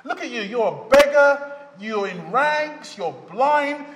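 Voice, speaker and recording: A man's voice: very high voice, animated, slow pace, fairly bright tone, pitched above the performer's own voice, heavily acted. A man voicing a scornful onlooker who scolds and mocks, in an echoey church. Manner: contemptuous, scolding.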